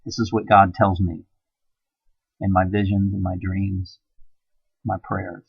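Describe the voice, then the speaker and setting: A man's voice: low-pitched, level tone, slow pace, gravelly, slightly rough, no echo. Intense preachy man, dull lo-fi recording. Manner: preachy, urgent, swings from hushed to loud. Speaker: video blogger. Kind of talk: impassioned monologue to camera.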